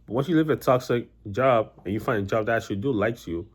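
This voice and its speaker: A young man talking straight to his audience in a loose, rambling vlog. He rattles along at a quick clip, circling back with restarts and filler words. His voice sits at an ordinary middle pitch. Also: slightly rough. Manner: rambling, many restarts and "you know" fillers. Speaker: vlogger. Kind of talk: casual personal storytelling to camera.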